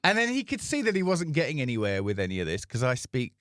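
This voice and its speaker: A bright, lively male voice with a pitch that jumps all over as he spins a funny story. He acts out the people in it in a casual podcast chat, recorded close and dry. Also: fast, no echo. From England. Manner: animated, acts out voices in anecdotes. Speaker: podcast co-host.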